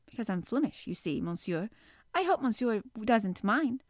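A woman voicing a calm, deferential Flemish manservant who speaks quietly in a storybook reading. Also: fairly high pitch, moderate pace, no echo, clean studio sound. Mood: polite.

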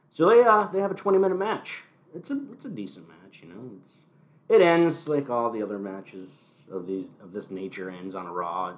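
Male podcast host, animated delivery, sarcastic commentary, solo recap from home. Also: mid-range voice, normal speed. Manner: wry, sarcastic asides. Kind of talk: casual solo wrestling recap.

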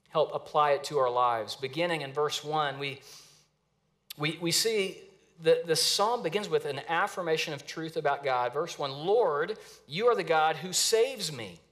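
A man's voice: a little high, fairly bright tone. Earnest male pastor preaching. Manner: earnest, dramatic reading of scripture with many restarts. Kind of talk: sermon.

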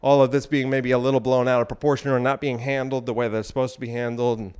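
Male podcast host, smooth resonant voice, slightly out of breath, rambling provocative monologue. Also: mid-range voice, flat delivery, fast talker, a little mellow. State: out of breath while exercising.

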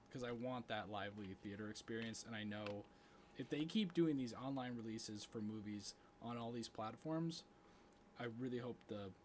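A man co-hosting a podcast in casual chat, animated and getting louder as he gets worked up. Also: lowish voice, a little hiss or hum. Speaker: podcast co-host.

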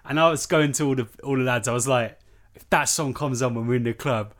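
A man's voice: mid-range voice, fairly quick. A man in his thirties telling a laughing, chatty story as a podcast co-host. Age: 30s. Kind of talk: casual chat.

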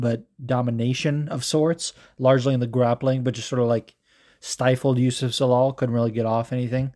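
A man hosting a casual recap show, rambling and swearing a lot, full of fillers and asides, a bit hungover. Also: medium pitch. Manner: profane, rambling and animated, with many fillers. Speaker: podcast host recapping fights. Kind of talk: casual chat.

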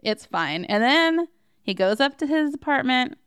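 A woman co-hosting a podcast, chatting casually and telling stories in an animated, giggly way. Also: high-pitched, moderate pace, no room sound, studio quality. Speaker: podcast co-host. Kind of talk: casual chat.

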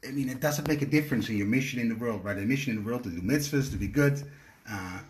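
A man's voice: medium pitch, fast, slight background noise. A man co-hosting a podcast, explaining in casual talk with frequent fillers and restarts. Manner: hesitant, many fillers and restarts. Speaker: podcast co-host.

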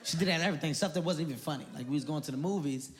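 A young man doing an animated, profane stand-up routine on stage in front of a live audience. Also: a little high, very fast. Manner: animated, loud and profane, jumps into voices. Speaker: stand-up comedian. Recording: live comedy club with audience noise.

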